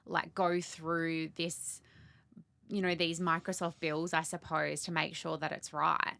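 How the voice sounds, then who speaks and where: Female podcast co-host, fairly low voice with fry, dry close sound, hedging and conversational. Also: flat delivery, a little slow, sharp tone, dry recording. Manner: thinking aloud, hedging questions with fillers. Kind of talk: casual interview talk.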